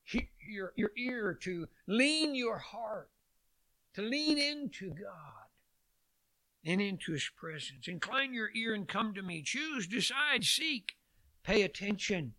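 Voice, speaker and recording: A man preaching a sermon, swinging from loud calls to hushed lines and repeating phrases for emphasis. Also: high voice, big pitch swings, slow pace.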